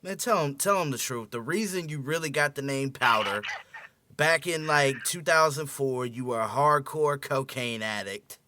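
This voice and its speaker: A man's voice: mid-range voice, moderate pace, pushed and bright. A man hosting a comedy podcast who teases his guest in a laid-back way and laughs easily. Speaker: podcast host.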